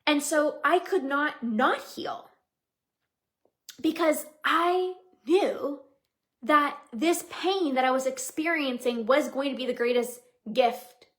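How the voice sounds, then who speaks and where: This is a young woman with a bright, high-pitched voice, hosting her own motivational podcast. She talks as a coach in an earnest, heartfelt way. She leans on "like" and repeats her points. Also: slow pace. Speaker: podcast host and binge-eating coach. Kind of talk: motivational solo podcast monologue.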